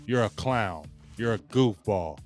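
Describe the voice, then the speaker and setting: A man hosting a live sports talk stream, loud and emphatic, ranting and greeting viewers in the chat. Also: on the low side, lively intonation, unhurried, soft background music. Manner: trash-talking, loud and emphatic, greets chatters. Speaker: sports show host.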